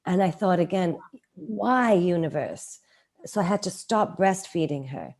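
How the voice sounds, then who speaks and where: A middle-aged woman telling a personal story in a casual interview, animated and acting out quoted lines. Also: moderate pace. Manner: animated, acts out quoted lines with raised pitch. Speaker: guest.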